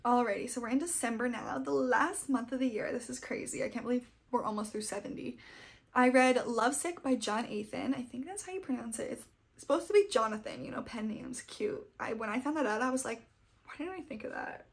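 A woman's voice: a little high, brisk, gravelly. A young adult woman chatting casually about books she read, gushing and fangirly. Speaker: book vlogger. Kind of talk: casual book wrap-up chat.

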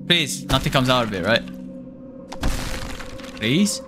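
A man's voice: medium pitch, animated, slow, music in the background. A man giving horror game commentary, jumpy and panicky but joking and talking to himself as he plays. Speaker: gaming streamer.

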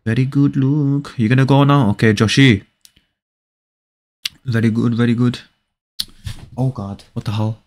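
A man's voice: mid-range voice, fairly even intonation. Teasing young man streaming a game. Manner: reads viewer comments aloud and answers them with playful teasing; repeats short phrases in quick bursts. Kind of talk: casual live-stream chat.

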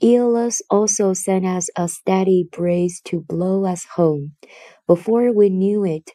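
A woman reading a children's storybook aloud, in a deliberate, expressive narrator's voice. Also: mid-range voice, no room sound.

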